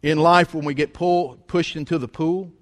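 A man's voice: fairly high pitch, steady tone, normal speed. A middle-aged man preaching a folksy, conversational storytelling sermon with rhetorical questions. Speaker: pastor. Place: church sanctuary. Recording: long church hall reverb.

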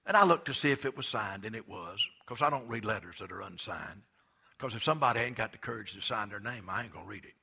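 A middle-aged preacher delivers his sermon in a husky, forceful voice. He drops low and quiet for asides, then surges with fervent emphasis. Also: lively intonation, fast. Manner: impassioned storytelling preacher, swings from hushed to emphatic. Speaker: pastor.

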